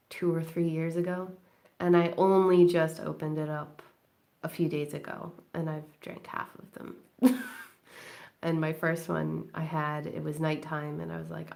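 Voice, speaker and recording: Woman with a vocal-fry chat. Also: low-pitched, darkish tone. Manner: rambling, chatty, laughs often. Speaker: live-stream crafting host. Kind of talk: late-night casual chat while crafting. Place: at home indoors.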